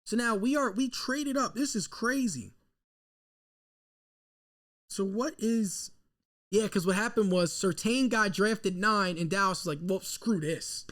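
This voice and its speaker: Man, high voice, excitable, nervous rambling, live fan reaction stream, desk mic. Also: unhurried, pauses often. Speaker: sports fan host.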